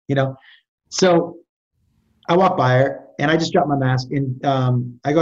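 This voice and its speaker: A man talks his way through a personal story in a loose, animated manner, stumbling and restarting as he goes. His voice sits at an ordinary pitch. The recording sounds dull and lo-fi. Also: a little slow, long pauses. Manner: animated, trailing restarts and stammers. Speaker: podcast guest. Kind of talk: storytelling in casual chat.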